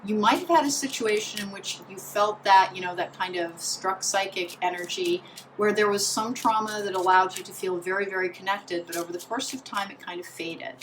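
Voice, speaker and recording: Woman tarot reader, mid pitch, rambling and chatty, faint room noise behind. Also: steady tone, normal speed, fairly bright tone, rough recording. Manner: chatty, meandering, full of "like" and restarts. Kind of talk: pick-a-card tarot reading.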